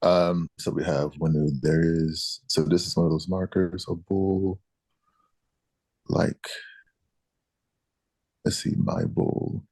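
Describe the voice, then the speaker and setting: A man's voice: sits low, vocal fry, darkish tone, dry recording. A man taking part as a student in a language class, working through examples aloud hesitantly.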